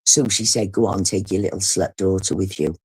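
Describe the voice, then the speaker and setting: A woman's voice: extremely low pitch, fairly quick, breathy edge. A middle-aged woman from the UK, hosting a livestream and telling a story bluntly, swearing heavily. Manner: blunt, heavy swearing, animated retelling. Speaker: livestream host. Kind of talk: casual storytelling.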